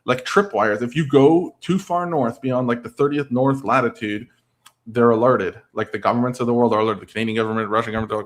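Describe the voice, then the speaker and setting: A man's voice: medium pitch, quick pace. A man talking casually on a livestream. He rambles, filling his speech with "like" and "I don't know", and reads out and answers viewer comments.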